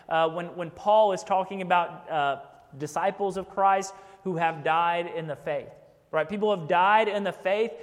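A man's voice: high-pitched, big-room sound. A man preaching a sermon as a pastor, speaking conversationally and often checking in with "right?", with a joke here and there. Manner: conversational, keeps asking "right?", jokes.

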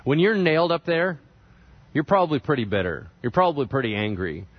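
A man preaching a sermon, retelling scripture with animated storytelling and conversational asides. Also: fairly high pitch, a little fast, dry recording. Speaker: pastor. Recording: dry, slightly dull sound.

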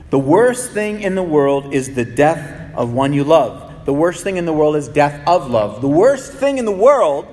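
A man preaching a sermon as pastor, his delivery swinging between soft, low pleading and raised, urgent peaks. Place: church sanctuary. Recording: long reverb of a large hall.

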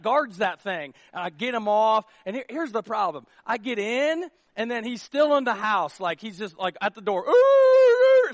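Man, pastor, very high voice, playful casual sermon, dry sound. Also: no echo. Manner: animated, jokey, acts out quotes.

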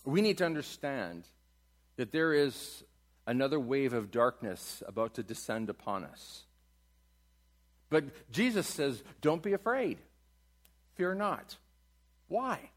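A man preaching a sermon in a church, asking his congregation questions and building to loud climaxes. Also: medium pitch, big pitch swings, takes it slowly, long pauses. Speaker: pastor. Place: church sanctuary.

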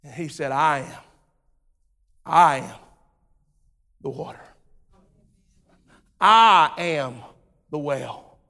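A man preaching a sermon, telling a story in a relaxed way, acting out its voices and building to shouted preaching. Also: fairly high pitch, very slow, creaky, pauses often. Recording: long hall reverb.

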